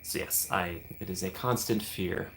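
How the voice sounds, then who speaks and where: A man's voice: low-pitched, fairly even intonation, normal speed, vocal fry, a bit bright. A man hosting a casual livestream, rambling and chatty, laughing often and thanking viewers by name. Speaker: livestream host.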